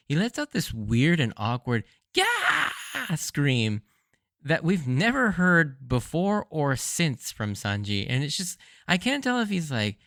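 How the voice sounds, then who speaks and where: A man in a dry, close-sounding space talks through anime episodes for his podcast. He keeps it casual and excited, with plenty of chuckles and "like"s. His voice sits at an ordinary pitch. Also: clear, resonant tone, no room sound. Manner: enthusiastic, laughs often while recapping; casual, filler-heavy with frequent "like". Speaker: podcast host. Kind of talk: solo rewatch commentary.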